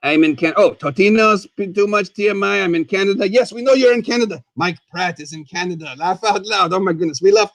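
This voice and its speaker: A man hosting as a goofy, high-voiced skeleton. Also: fast, hardly any pauses, no room sound. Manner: rambling, excitable, refers to himself in the third person. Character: goofy skeleton host, male, chatty and silly. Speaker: host. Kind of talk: live puppet talk show.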